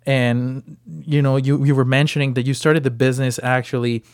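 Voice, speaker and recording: A man's voice: mid-range voice, steady tone, moderate pace, dry recording, studio quality. A man hosting a podcast interview, encouraging his guest and filling his talk with "you know" and repeated words. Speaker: podcast host. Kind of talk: interview conversation.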